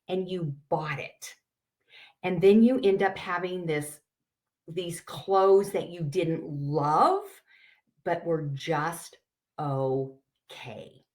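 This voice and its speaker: Middle-aged woman, style coach; unhurried, slightly low voice, earnest and encouraging teaching delivery. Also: darkish tone. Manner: earnest, encouraging, uses quoted asides. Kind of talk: teaching a webinar class.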